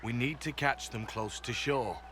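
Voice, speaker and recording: A man voicing a disciplined soldier ally in a game, who briefs in a calm, measured, matter-of-fact way. His voice sits at an ordinary pitch over a faint hiss. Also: close to an everyday voice. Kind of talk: video game dialogue.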